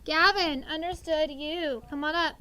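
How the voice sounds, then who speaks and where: Speaking a little slowly with a voice that sits high, a woman in her thirties teaches sixth grade, coaxing her class into lively call-and-response answers.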